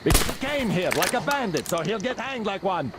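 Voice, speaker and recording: A man's voice: high voice, very animated, fairly quick, very noisy. An actor playing a belligerent adult pirate spokesman in a video game cutscene, taunting and threatening the council. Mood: mocking.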